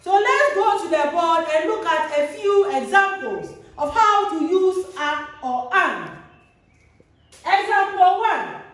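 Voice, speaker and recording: High-voiced woman teaching in an echoey room. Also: expressive, a bit bright. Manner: slow, repeats each example, sing-song stresses. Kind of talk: classroom grammar lesson. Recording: very echoey room, voice far from mic.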